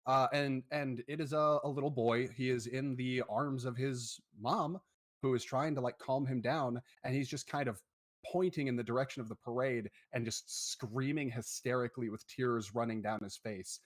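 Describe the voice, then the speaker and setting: Male game master, mid pitch, loose descriptive narration of a tabletop game. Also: fairly even intonation, normal speed.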